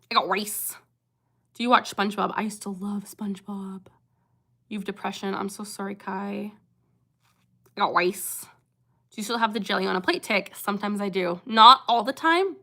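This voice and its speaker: A woman's voice: medium pitch, sharp tone. A young woman hosting a casual livestream, chatting earnestly with viewers and breaking off with sudden vocal tics. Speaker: livestream host answering chat.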